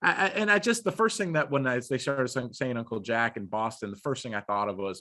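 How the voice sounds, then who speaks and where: A man's voice: mid-range voice, brisk. A man co-hosting a podcast, chatting casually with slang and swearing. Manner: slangy and lively, swears freely. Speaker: podcast co-host. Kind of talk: casual chat.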